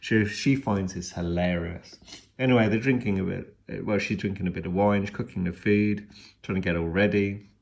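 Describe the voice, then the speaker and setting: A man's voice: low voice, fairly even intonation, normal speed, gravelly. A man and father giving a casual, rambling film review, retelling the plot with many restarts and fillers.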